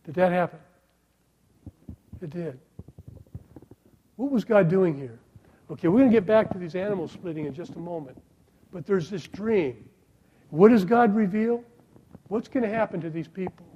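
A middle-aged man preaching a sermon, asking the congregation rhetorical questions and dropping from loud emphasis to a hushed voice. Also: sits high, lively intonation, normal speed, long pauses, slightly rough, highs cut off. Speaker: pastor.

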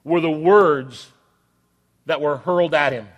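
A male pastor preaching an emphatic sermon, with dramatic pauses and repetition, often acting out the voices of people in the story. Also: a little high. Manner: acts out quoted voices of biblical figures. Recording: long hall reverb.

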